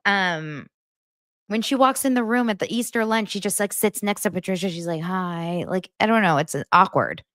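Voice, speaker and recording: A woman's voice: mid-range voice, expressive, moderate pace, a bit bright, no room sound, studio quality. A woman in her thirties hosting a show, chatting casually and gushing with lots of fillers. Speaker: podcast host recapping reality TV.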